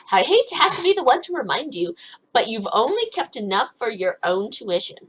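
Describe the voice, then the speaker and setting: Eine junge Frau liest beschwipst ein Visual Novel vor, plaudert locker, kichert viel und schweift ab. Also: female voice, fairly high pitch, a bit bright, husky, low-quality recording. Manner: giggly, rambling. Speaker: let's play host. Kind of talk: tipsy casual game reading.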